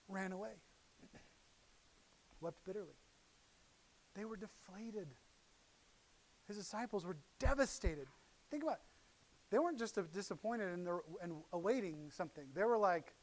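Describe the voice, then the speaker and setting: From the pulpit, a middle-aged man with a fairly high voice preaches at a moderate pace with frequent pauses. The pastor brings the story to life by playing its characters, alternating excited shouts with soft, hushed asides.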